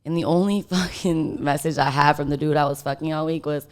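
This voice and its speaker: A woman's voice: low voice, fairly even intonation, a little fast, a little mellow, clear, resonant tone. A woman guest telling a story in casual chat, rambling with lots of fillers and swearing.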